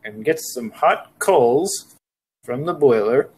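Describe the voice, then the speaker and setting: Husky-voiced man playing a tabletop game. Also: mid-range voice, takes it slowly, rough recording. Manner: relaxed, thinking aloud. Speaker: player. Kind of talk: casual tabletop game talk.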